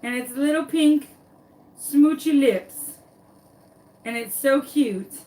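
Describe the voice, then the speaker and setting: A woman tells a dramatic story while she demonstrates a craft. Her voice sits a little high and her pace is unhurried. She is recorded a bit away from the mic. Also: warm tone, distant mic, low-quality recording. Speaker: crafting vlogger.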